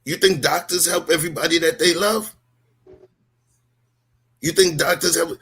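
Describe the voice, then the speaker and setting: Man, husky gravelly voice, emphatic and rhetorical, heated stream talk. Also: on the high side, fairly even intonation, moderate pace, a bit bright. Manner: emphatic, rhetorical, street slang. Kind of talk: heated live-stream discussion.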